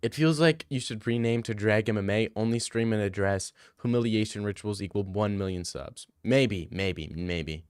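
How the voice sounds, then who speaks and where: A man's voice: fairly low pitch, moderate pace, few pauses, darkish tone, clear, resonant tone, no echo, studio quality. A young man from Canada streaming live, reading chat aloud and answering it with sarcastic, laughing banter.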